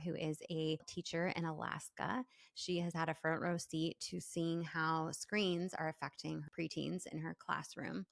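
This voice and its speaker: A woman's voice: lowish voice, gravelly. A woman hosting a conversational podcast interview, speaking earnestly about child safety and affirming her guest often. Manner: earnest, advocacy-minded, affirming with frequent mm-hmms. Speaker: podcast host.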